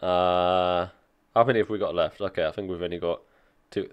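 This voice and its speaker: A man with a low voice reads a technical article aloud and reacts as he goes. His remarks are casual and dry, mixing quick asides with plain reading. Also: fairly even intonation, clear, resonant tone, lo-fi sound. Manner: reads aloud and comments offhandedly, dry jokes. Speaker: tech streamer reacting to an article.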